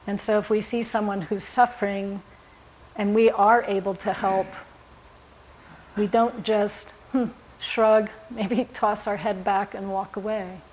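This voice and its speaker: A woman giving a Buddhist dharma talk, speaking in a gentle, reflective way with frequent pauses and fillers. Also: medium pitch, steady tone, slight background noise, rough recording. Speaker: Buddhist teacher.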